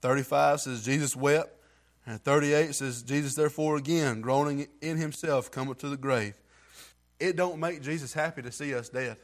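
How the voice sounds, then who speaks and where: A man's voice: a little high, steady tone, normal speed. A man reading scripture aloud and giving an earnest, heartfelt testimony in plain everyday grammar. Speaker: church member giving testimony.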